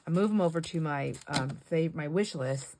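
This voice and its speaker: A woman's voice: low-pitched, normal speed, darkish tone, slight background noise. Chatty woman rambling while she crafts. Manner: rambling, chatty, laughs often. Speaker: craft vlogger. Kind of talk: casual craft chat while painting.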